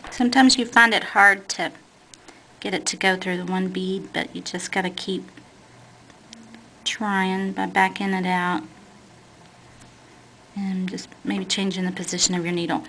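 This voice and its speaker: Here a beading instructor with a medium-pitched, slightly bright voice walks through a craft tutorial step by step, speaking a little slowly with a steady tone and frequent pauses. She's plain and patient, fixing her own slips as she handles the beads. Slight background noise and poor audio quality mark the clip.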